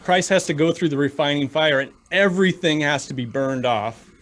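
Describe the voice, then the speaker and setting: Choked up, a man co-hosting a relaxed podcast chat speaks in a fairly high, somewhat bright voice. His delivery is earnest but halting, full of restarted sentences.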